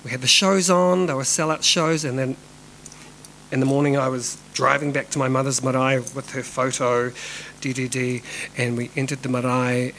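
A middle-aged New Zealand man, a dance company director, tells a personal story with candor, swearing freely and now and then sinking to a whisper. His voice sits in the mid-range and is slightly bright, and the rough recording carries a little background noise.

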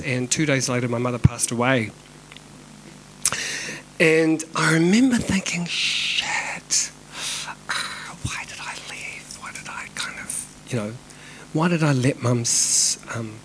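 A man's voice: mid-range voice, a bit bright, slight background noise, low-quality recording. A middle-aged man, telling a personal story in a candid way, swearing freely and sometimes dropping to a whisper. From New Zealand. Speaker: dance company director telling a personal story.

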